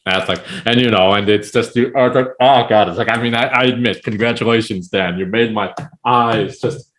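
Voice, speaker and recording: Low-voiced man rambling animatedly. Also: normal speed. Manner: rambling, animated, heavy use of "it's like, you know". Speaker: poet, podcast guest. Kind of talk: casual podcast chat.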